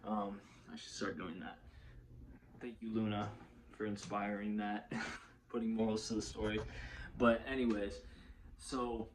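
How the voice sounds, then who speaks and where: A man's voice: fairly low pitch, a little hiss or hum, low-quality recording. A young man telling a personal story in a casual, rambling way, swearing freely, correcting himself and laughing often.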